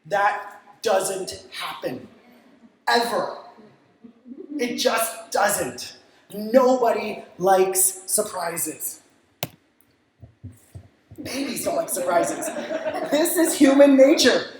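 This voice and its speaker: Energetic man in an echoey hall. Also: sits high, very slow, pauses often. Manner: energetic, acts out clients' reactions, casual swearing. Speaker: speaker at a creative industry event. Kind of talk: stage talk with practical lessons. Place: event stage in a large, echoey venue.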